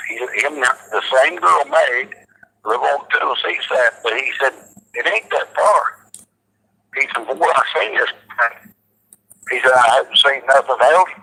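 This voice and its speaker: A man's voice: mid-range voice, creaky, pushed and bright, slight background noise, low-quality recording. A man, hosting and retelling a viewer's story in a rambling way, often repeating "he said". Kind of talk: casual storytelling.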